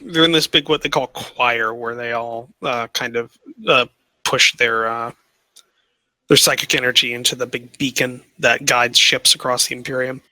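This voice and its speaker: A man running a tabletop role-playing game, explaining options in a halting way with many fillers. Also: medium pitch, steady tone, bright, forceful tone, no echo, rough recording. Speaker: game master.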